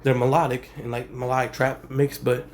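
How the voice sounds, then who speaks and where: A young man, a rapper, speaking in a laid-back, slangy way with a monotone delivery in a casual vlog. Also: medium pitch, moderate pace, a little hiss or hum. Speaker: rapper and channel host. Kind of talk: casual talking-head vlog.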